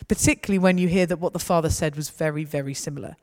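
A woman's voice: on the low side, fast, hardly any pauses, mellow. A woman giving a conversational, anecdotal talk to a gathering. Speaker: speaker. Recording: reverberant hall.

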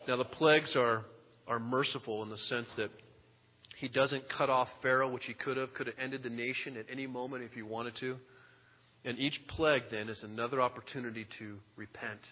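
A male pastor preaching a sermon, animated and joking, dropping from loud emphasis to a hushed voice. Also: mid-range voice. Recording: dull lo-fi sound with long reverb.

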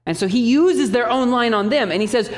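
A male pastor preaching a sermon, emphatic and animated, breaking off into teaching asides. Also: very high voice, a little fast.

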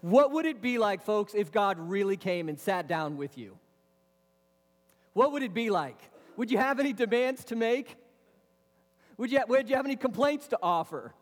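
High-voiced preacher in a reverberant hall. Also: male voice, normal speed, faint music behind. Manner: lively preaching with rhetorical questions and casual asides. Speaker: pastor. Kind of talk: sermon. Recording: long reverb of a large hall.

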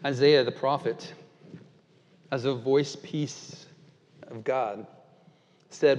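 Man preaching in a reverberant hall. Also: steady tone. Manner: earnest, dynamic preaching with slow emphatic quotations and soft low drops. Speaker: pastor. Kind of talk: sermon. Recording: dull sound with long reverb in a large hall.

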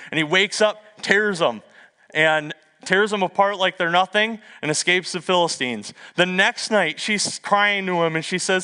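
A middle-aged male pastor preaching a sermon, telling stories in a lively way with humorous asides. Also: sits high, normal speed, clean tone. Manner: lively storytelling with asides and self-deprecating humor.

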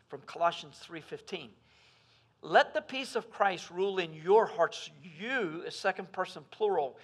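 A man preaching a sermon as pastor, swinging between loud emphasis and hushed asides. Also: high-pitched, husky.

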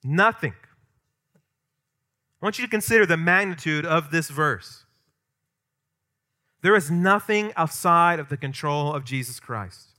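A man preaching a sermon as pastor, emphatic and conversational, swinging from loud stressed points to quiet asides. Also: a little high, expressive, unhurried, long pauses. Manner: conversational with asides and light humor.

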